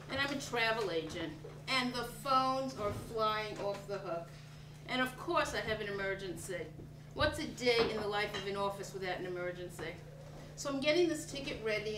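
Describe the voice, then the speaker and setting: Casting: woman storyteller, animated and vivid, high-ish voice, distant mic in an echoey, noisy room. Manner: animated, vivid present-tense telling. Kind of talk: personal storytelling to an audience.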